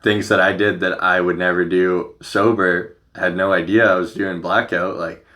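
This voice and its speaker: A man with a low-pitched voice that still sounds bright and forceful. He hosts a podcast in loose, casual chat. He rambles, leans on "like" and swears freely. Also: level tone, normal speed. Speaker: podcast host.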